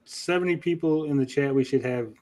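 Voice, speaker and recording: A man's voice: mid-range voice, a little fast, darkish tone. Male streamer host, mid-range voice, casual and profane. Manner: blunt, swears freely. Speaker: host of a gaming livestream. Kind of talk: casual livestream chat.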